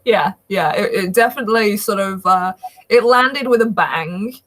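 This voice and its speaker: Woman, podcast host, casual chat, laughs often, bright voice. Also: mid-range voice, normal speed. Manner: laughs often, friendly and easygoing.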